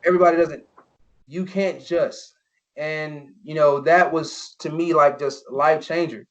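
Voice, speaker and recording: Speaking at a measured pace with fairly even intonation, this young man, once a football player, shares personal stories as a podcast guest. His voice is fairly high and bright; he's earnest, leans on "you know," and voices the people he quotes. The podcast audio is dull and lo-fi.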